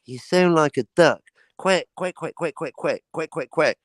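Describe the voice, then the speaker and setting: A man's voice: on the high side, normal speed, no echo, studio quality, close to an everyday voice. A man reading aloud the lines of a volatile young woman robber. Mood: mocking. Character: young woman robber, hair-triggered loose cannon.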